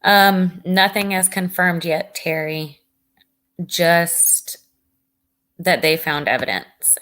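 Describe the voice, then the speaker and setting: A woman hosts a casual livestream with a fairly low voice. She talks earnestly and reads out comments from her viewers as she goes. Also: a bit bright. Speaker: livestream host.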